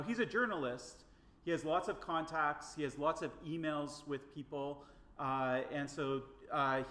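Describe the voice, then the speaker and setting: A man lecturing a class in a bright, fairly high voice. He tells the story conversationally, slipping into the quoted lines and checking in with the class. The sound carries a roomy echo from the hall. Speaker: university lecturer. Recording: echoey lecture room.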